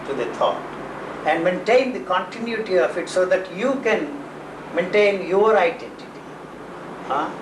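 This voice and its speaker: Blunt aphoristic man in an echoey room. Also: high voice. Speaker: interviewee. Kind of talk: philosophical conversation. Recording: echoey room, mic far off, background noise.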